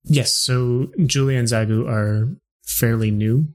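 A man's voice: medium pitch, fairly even intonation, slow pace, darkish tone. Laid-back male game master. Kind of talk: narrating a tabletop game.

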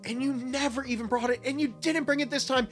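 A man's voice: very high voice, steady tone, fast, fairly bright tone, faint music behind. A young man co-hosting a podcast, ranting in mock outrage and swearing through casual, tipsy banter. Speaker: podcast co-host.

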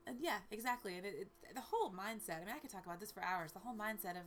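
Fast, bright-voiced chatty woman. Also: medium pitch, expressive. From American South. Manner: chatty and enthusiastic, lots of restarts. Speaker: guest, touring performer. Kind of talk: casual conversation.

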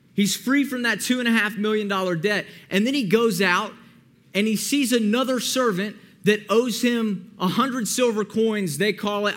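Man, young adult, high-pitched, earnest preacher, praying and storytelling. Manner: earnest, pleading prayer, then animated retelling. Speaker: pastor. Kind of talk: sermon with prayer and scripture reading.

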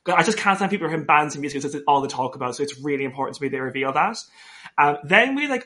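Male co-host, quick and bright, camp, animated storyteller. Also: on the high side. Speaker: podcast co-host. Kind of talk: casual chat.

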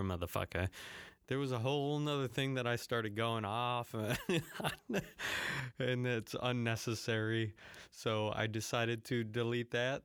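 A man's voice: mid-range voice, clear, resonant tone, no echo, studio quality. A man hosting his own podcast in a casual, profane, rambling solo rant, talking straight to his listeners and laughing often. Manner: blunt and conversational, addresses listeners directly. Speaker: podcast host.

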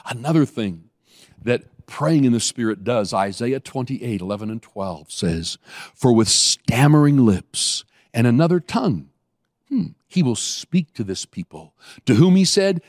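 A man preaching a sermon, telling a story with animated bursts and slowing right down on key phrases. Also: no room sound, studio quality. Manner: animated storytelling, acts out scenes with sudden high bursts.

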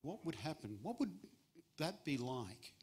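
A middle-aged man preaching as a guest speaker at a church, in a conversational, humorous way, with sudden rises in pitch for emphasis. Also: big pitch swings, unhurried, darkish tone, husky. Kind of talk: sermon.

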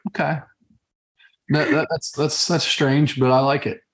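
A man's voice: fairly high pitch, flat delivery, measured pace. A middle-aged man co-hosting a podcast over a video call, chatting casually in a playful, joking, stop-and-start way. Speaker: podcast co-host. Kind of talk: casual chat. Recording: roomy echo on video call.

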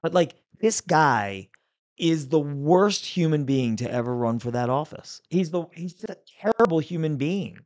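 A man's voice: on the high side, expressive, normal speed, a little mellow. Conversational man hosting a political podcast. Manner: conversational, emphatic when opinionated. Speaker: podcast host.

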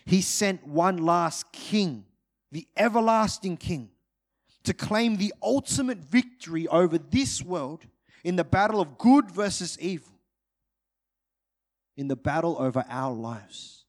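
A man preaching a sermon to his congregation, moving between urgent, loud peaks and hushed, drawn-out phrases. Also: lively intonation. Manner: dynamic, swings from loud urgent peaks to hushed low delivery.

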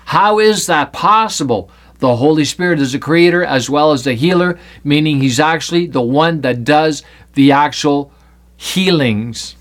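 A man's voice: on the high side, unhurried. A man giving an informal Bible teaching, reading scripture and joking as he acts out the scenes. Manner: playful, acts out scripture with put-on voices.

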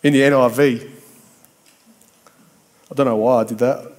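A man's voice: mid-range voice, steady tone, normal speed, a little mellow. A man preaching a sermon, conversational and emphatic, building points through repetition and bantering with people in the congregation.

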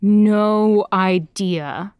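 A woman's voice: medium pitch, steady tone, extremely slow, smooth, dry recording, lo-fi sound. A young woman voice actor chatting as an interview guest, bubbly and self-deprecating, laughing often. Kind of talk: casual interview chat.

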